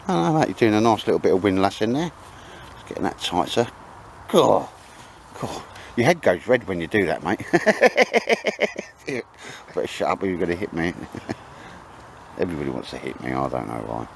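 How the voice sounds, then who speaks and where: Jokey low-voiced bloke. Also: male voice, very animated, normal speed, gravelly, a little hiss or hum. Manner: jokey, chatty, calls everyone mate. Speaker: vlog host. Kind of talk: casual banter. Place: outdoors in cold wet woods.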